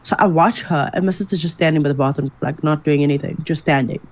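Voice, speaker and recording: A woman co-hosting a comedy podcast, telling stories in an animated way with frequent laughter. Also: sits low, quick pace, rough recording. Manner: animated storyteller, laughs often. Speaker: podcast co-host. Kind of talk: casual comedic chat.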